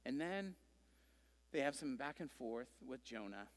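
A man preaching a sermon, telling a Bible story with animated, conversational delivery and playful acted-out voices. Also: medium pitch, a little slow, pauses often, long reverb tail. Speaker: pastor.

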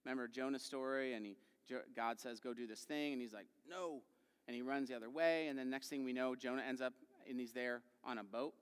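A man preaching a sermon in a conversational way, asking the congregation questions and acting out quoted voices with big swings in loudness. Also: mid-range voice, fairly even intonation, fast talker, hardly any pauses, clear, resonant tone. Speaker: pastor. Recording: long hall reverb.

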